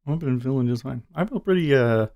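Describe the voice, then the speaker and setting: A man's voice: mid-range voice, animated, darkish tone. A man streaming live day trading, talking casually and thinking aloud as he watches the market. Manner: thinks aloud, musing and unhurried.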